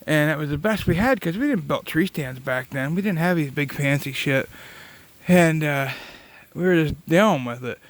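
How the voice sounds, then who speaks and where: A man telling rambling, casual stories outdoors in the woods. His voice sits fairly high, and he swears freely as he wanders from one memory to the next. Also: animated, moderate pace. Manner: profane, rambling, laughs at his own stories. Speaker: vlogger.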